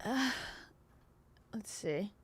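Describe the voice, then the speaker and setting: A woman's voice: mid-range voice, lively intonation, drawn-out words. A woman streaming live and reacting to a podcast clip, making sarcastic, exasperated asides and chuckling often. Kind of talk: casual livestream reaction commentary.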